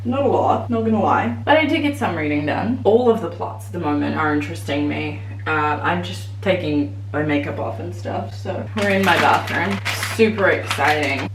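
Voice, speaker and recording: A woman's voice: deep voice, moderate pace, hardly any pauses, a little hiss or hum, low-quality recording. A woman, chatting casually and self-mockingly to camera at home. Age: 20s. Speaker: vlogger. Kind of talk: casual reading vlog chat. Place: her bathroom at home. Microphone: camera on a tripod.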